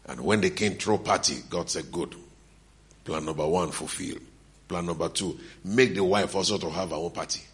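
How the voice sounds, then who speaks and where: Preaching a sermon, a middle-aged male pastor tells stories and voices the dialogue of their characters, laughing between lines. His voice sits low and moves at a moderate pace.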